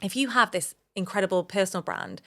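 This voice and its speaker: A woman's voice: mid-range voice, huge pitch swings, a little fast, vocal fry. A woman in her thirties from England hosting a solo podcast, talking openly and earnestly about her own experiences to encourage listeners. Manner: earnest, open, motivational, speaks of personal experience. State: emotional at times. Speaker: podcast host.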